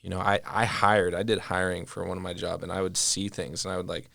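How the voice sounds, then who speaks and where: A young man with a very low, gravelly voice tells stories as a podcast guest. He keeps it casual and animated, filling his sentences with "like". The recording is dry and close, with no room around him. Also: fast, no room sound. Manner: animated storyteller, heavy use of "like". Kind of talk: casual conversation.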